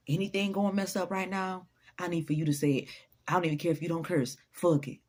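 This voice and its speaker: Here a woman vlogger gives a swear-heavy motivational speech, insistent and preachy, looping back over her lines and laughing frequently. Her fairly low, darkish voice keeps a steady tone at a fairly quick clip.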